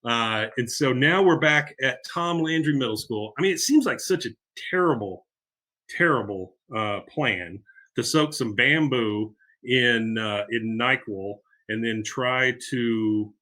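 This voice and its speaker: A man's voice: mid-range voice, unhurried, bright, forceful tone. A man hosting a podcast, chattily recapping a cartoon episode and laughing as he retells scenes. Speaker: podcast host.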